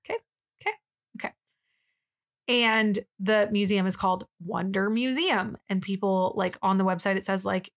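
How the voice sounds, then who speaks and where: Animated young woman telling a story. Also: mid-range voice, normal speed. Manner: animated storyteller, swears, acts out quotes. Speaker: podcast co-host. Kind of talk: casual storytelling chat.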